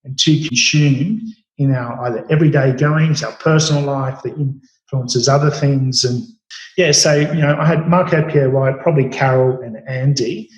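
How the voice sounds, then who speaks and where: A man's voice: mid-range voice, steady tone, normal speed, lo-fi sound. Middle-aged australian man, rambling chef in an interview, lots of fillers and restarts, echoey room. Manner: rambling, many fillers and restarts, acts out quoted dialogue. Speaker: chef, podcast guest. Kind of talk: casual interview storytelling.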